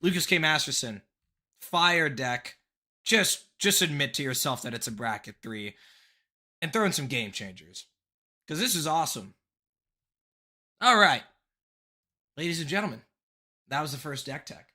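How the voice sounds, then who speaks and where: Young male streamer, excitable and rambling, bright pushy tone, pitched a bit high. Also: unhurried, pauses often. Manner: excitable, swearing, rambling with restarts and laughs. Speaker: streamer reviewing viewer decks. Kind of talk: casual live stream chat. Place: his bedroom.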